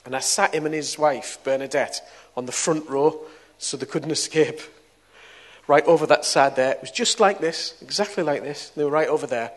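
A middle-aged man, preaching and telling a testimony story, moving between soft and loud moments. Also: on the high side, moderate pace. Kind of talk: testimony sermon.

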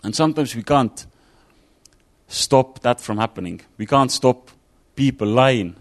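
Conversational man preaching, mid-pitched voice. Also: animated, unhurried. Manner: conversational, thinking aloud with fillers and restarts. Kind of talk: informal sermon.

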